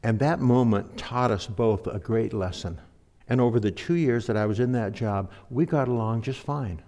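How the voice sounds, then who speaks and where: A middle-aged man preaching a sermon in an earnest, measured way, reading scripture aloud and leading a prayer. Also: medium pitch, warm tone. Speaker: pastor.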